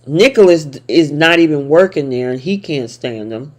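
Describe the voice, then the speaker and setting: A woman's voice: low-pitched, animated, normal speed, a little mellow. A woman hosting a casual soap opera recap chat, talking playfully and laughing often. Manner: chatty and laughing, with playful asides.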